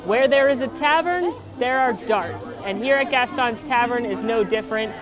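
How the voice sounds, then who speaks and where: A woman's voice: a little high, expressive, moderate pace, music in the background. Upbeat young woman giving an outdoor tour. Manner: chatty, upbeat, full of trivia. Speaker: vlog host touring a theme park. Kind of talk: casual walking tour vlog. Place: outdoors in a theme park.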